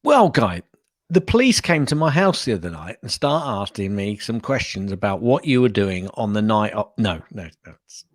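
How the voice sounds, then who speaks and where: A man co-hosts a podcast in loose, casual chat. His voice rises and falls in a lively way, and he often repeats words as he rambles. The sound is dry and close. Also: lowish voice, normal speed, no echo. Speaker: podcast co-host.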